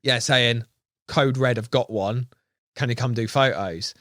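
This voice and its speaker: A young English man, a guest angler, chatting on a podcast and telling a story with lots of swearing and loud acted-out quotes. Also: mid-range voice, measured pace, no echo, studio quality. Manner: excitable storyteller, swears freely, acts out quotes loudly. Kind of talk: casual podcast chat.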